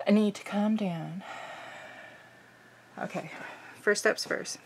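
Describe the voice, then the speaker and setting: A woman hosting a crafting video, chatting casually and thinking aloud, bubbly and easily excited. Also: medium pitch, takes it slowly, husky.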